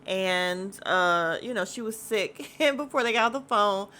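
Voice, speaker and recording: A woman at a middle pitch hosts a casual recap podcast. She talks bluntly and gossips freely, mixing in slang and cursing. Her talk rambles with plenty of fillers. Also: lively intonation, a little slow, bright, forceful tone. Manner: chatty and rambling, with frequent fillers. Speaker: podcast host recapping a reality show.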